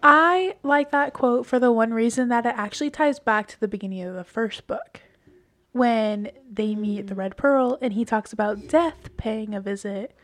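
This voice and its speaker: A woman's voice: on the high side, a bit bright. A woman co-hosting a book podcast, chatting casually, teasing and laughing easily. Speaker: podcast co-host.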